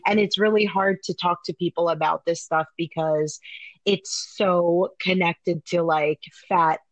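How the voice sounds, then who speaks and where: A woman telling a personal story in casual podcast chat, animated and full of fillers, with the odd swear word. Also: lowish voice, unhurried, no echo, rough recording. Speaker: guest sharing a story.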